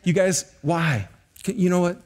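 A middle-aged man preaching a sermon in a fairly high voice. He tells stories with animated energy and keeps turning to the congregation with questions. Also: unhurried. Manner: animated storytelling, addresses the congregation often. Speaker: pastor.

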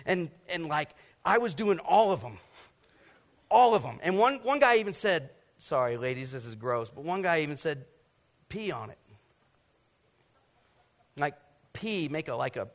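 A middle-aged man from Georgia preaching a sermon from a stage, telling animated personal stories and acting out scenes with sound effects. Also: on the high side. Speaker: pastor. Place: stage before a live congregation.

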